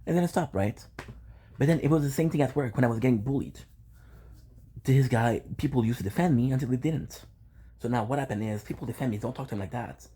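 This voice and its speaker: A man's voice: mid-range voice, brisk, mellow, a little hiss or hum. An upset man venting about his neighbors in a home vlog, repeating himself and swearing. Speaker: content creator. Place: home balcony.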